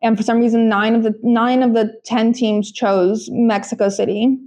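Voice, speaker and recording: A woman's voice: fairly high pitch, flat delivery, moderate pace, darkish tone. A young woman co-hosting a podcast, talking casually with lots of fillers and restarts. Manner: chatty, frequent fillers and restarts. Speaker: podcast co-host. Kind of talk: casual chat.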